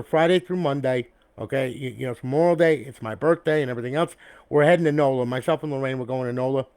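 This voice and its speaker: A fairly high-voiced man who builds custom consoles talks loosely to camera, chummy and profane, checking in with "all right?" as he goes. The sound is dry and close, with no room echo, from an external mic. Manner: rambling, checks in with "okay?" and "all right?" after nearly every point; blunt and profane, chummy with his viewers. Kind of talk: casual talk to camera about a finished build. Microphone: external mic, replacing the camera's built-in one.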